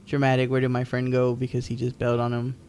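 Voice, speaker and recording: A man's voice: medium pitch, monotone, quick pace, darkish tone, slight background noise. Rambling man recapping wrestling. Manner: rambling, many ums and restarts. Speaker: podcast co-host. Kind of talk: casual wrestling recap chat.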